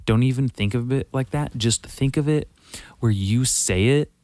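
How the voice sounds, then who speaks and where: A man's voice: mid-range voice, moderate pace, a little mellow, no room sound. A man hosting a solo podcast, rambling casually, swearing constantly and correcting himself mid-sentence. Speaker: podcast host.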